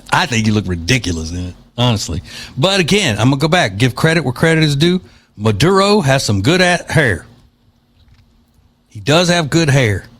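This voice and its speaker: A man's voice: medium pitch, big pitch swings, normal speed, pauses often, a bit bright. A man hosting an opinion podcast, talking in a sarcastic, mocking way. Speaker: podcast host. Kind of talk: opinion commentary.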